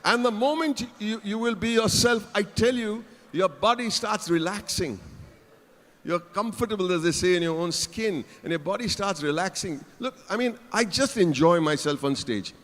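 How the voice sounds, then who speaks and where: A man with a high, slightly bright voice speaks at normal speed during a playful keynote, poking fun at the audience from the stage of a large, reverberant conference hall.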